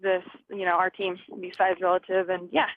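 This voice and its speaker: A woman's voice: fairly low pitch, little pitch movement, fairly quick, no room sound. A young woman in her twenties, a fighter guest, chatting on a phone call, laughing often and acting out conversations. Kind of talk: phone interview. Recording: tinny phone line.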